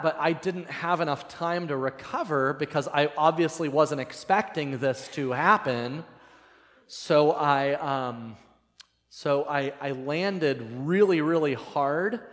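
A man preaching a conversational sermon, telling a story in a casual, self-deprecating way. His voice is slightly strained from cracking earlier. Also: medium pitch. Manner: casual and self-deprecating, animated when retelling. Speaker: pastor. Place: church sanctuary. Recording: reverberant church hall.

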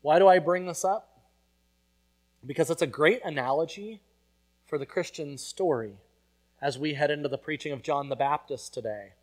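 A man preaching a sermon in a conversational way, building to loud emphatic peaks. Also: a little high, moderate pace, pauses often. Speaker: pastor.

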